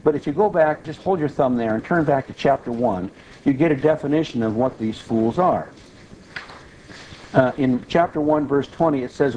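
A man's voice: mid-range voice, animated, a little fast, mellow, slight background noise, low-quality recording. A man preaching and explaining a Bible passage verse by verse, asking questions and answering them himself. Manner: explains verses step by step, asks and answers his own questions. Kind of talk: Bible teaching sermon.

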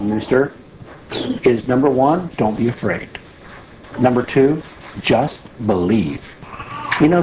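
Animated man leading a Bible study. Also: mid-range voice, a little hiss or hum, poor audio. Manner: animated, emphatic, asks the group questions. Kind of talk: conversational Bible teaching.

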